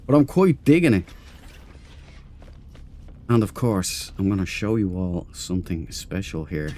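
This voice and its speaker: A man's voice: low-pitched, big pitch swings, measured pace, mellow. A man hosting a casual game stream, chatty and self-mocking, greeting viewers in chat by name. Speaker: gaming livestream host.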